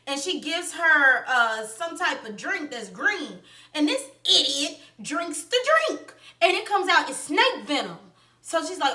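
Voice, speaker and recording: A woman with a high, sharp voice tells a movie's plot in a loose, animated way, full of slang and side comments. She sits back from the mic in an echoey room. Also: measured pace, far from the mic. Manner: chatty, animated storytelling with slang and asides. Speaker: film reviewer. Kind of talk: casual film plot recap.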